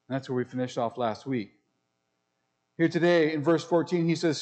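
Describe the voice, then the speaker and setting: A man preaching a sermon as pastor, speaking emphatically, asking rhetorical questions and slowing down to read scripture. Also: on the high side, darkish tone. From United States.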